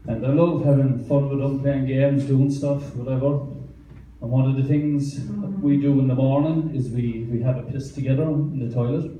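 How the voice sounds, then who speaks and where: A man's voice: mid-range voice, moderate pace, warm tone, slight background noise. Irish man rambling at a bar open mic. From Ireland. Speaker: stand-up comedian. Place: small wine bar open mic night. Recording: roomy, distant bar recording.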